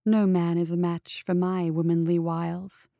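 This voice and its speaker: Brief: narrator doing a self-assured female killer, silky and slow. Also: fairly low pitch, level tone, vocal fry, warm tone, no room sound, clean studio sound. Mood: sly. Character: seductive, confident female assassin.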